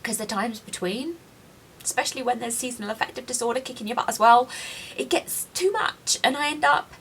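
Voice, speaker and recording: A woman's voice: on the high side, vocal fry, fairly bright tone, a little hiss or hum. A woman in her late thirties, crying as she confides in a personal video diary, self-deprecating and frank. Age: 30s. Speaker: vlogger.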